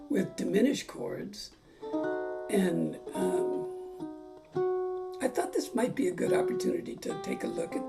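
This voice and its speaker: A woman's voice: fairly low pitch, creaky. A woman teaching a casual ukulele lesson, chatting and singing along while calling out chords.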